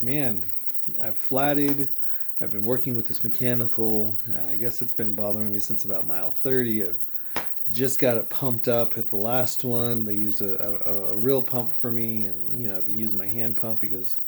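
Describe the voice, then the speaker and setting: A man in his thirties tells a race story in a casual vlog. His voice sits low and sounds soft and warm. He rambles and reflects, breaking into quoted dialogue often. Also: steady tone, normal speed, slight background noise. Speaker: triathlete vlogger.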